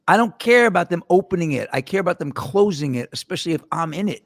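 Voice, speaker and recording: A man's voice: a little high, animated, a little fast, no room sound. A man hosting a casual podcast, telling rambling jokey stories with his co-hosts. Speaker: host.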